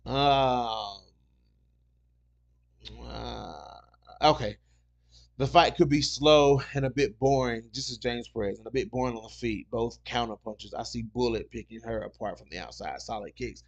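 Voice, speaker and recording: Heard through a muffled recording, a podcast host with a gravelly mid-range voice takes his time. He drifts from story to story and reads out comments in a relaxed solo chat, often saying "you know what I'm saying."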